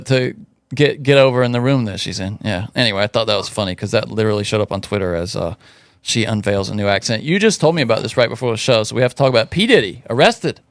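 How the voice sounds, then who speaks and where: A man's voice: medium pitch, a bit bright, smooth, dry recording, clean studio sound. A man co-hosting a podcast in casual chat, wry and dismissive. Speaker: podcast co-host.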